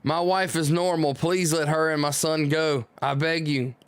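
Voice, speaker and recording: Soft, reassuring manga dad, grieving but steady, read plainly by a man, unhurried. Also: a little high, a little hiss or hum, natural voice. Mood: tender. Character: grieving, gentle father comforting his young son.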